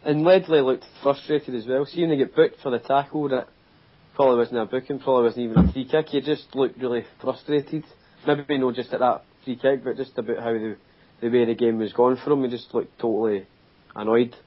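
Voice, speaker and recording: A Scottish man co-hosts a football podcast, talking in a plain and steady way. His voice sits in a middle range. The audio is muffled and lo-fi. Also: medium pitch, fairly quick. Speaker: podcast co-host. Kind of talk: casual football chat.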